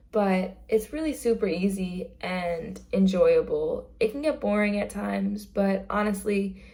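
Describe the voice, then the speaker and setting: Chatty young woman with light vocal fry. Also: mid-range voice, mellow. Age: young adult. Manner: chatty and earnest, many fillers and likes. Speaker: theme park greeter on a college program. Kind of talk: casual vlog talk.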